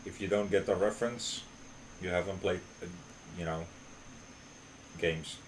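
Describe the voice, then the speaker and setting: A young man streamer reading a visual novel aloud on a live stream, relaxed and cracking jokes in between. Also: deep voice, a little slow, slight background noise.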